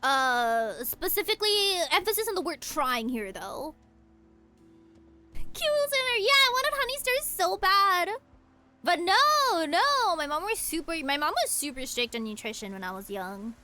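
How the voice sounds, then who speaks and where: A woman's voice: very high voice, big pitch swings, unhurried, bright, forceful tone, soft background music. A young woman streaming a game, chatting casually and rambling through childhood stories with many restarts. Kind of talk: casual chat while gaming.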